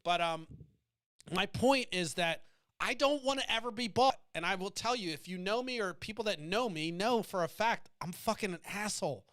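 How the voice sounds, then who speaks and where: A man's voice: high voice, expressive, moderate pace, fairly bright tone, no echo. An American man hosting a podcast, talking in a blunt, defiant, freely swearing monologue. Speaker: podcast host. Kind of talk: casual profane monologue.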